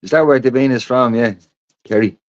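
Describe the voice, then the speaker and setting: A man's voice: medium pitch, fairly quick, no echo. A man hosting a podcast, chatting casually, swearing and telling rambling stories. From Ireland. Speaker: podcast host. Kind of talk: casual chat. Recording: dull, dry sound.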